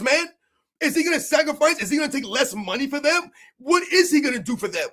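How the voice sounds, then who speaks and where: A man's voice: very high-pitched, animated, fast talker, pushed and bright. A man streaming live, ranting about basketball in a heated, mocking way, firing off repeated rhetorical questions. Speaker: sports streamer. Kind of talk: live-stream sports rant.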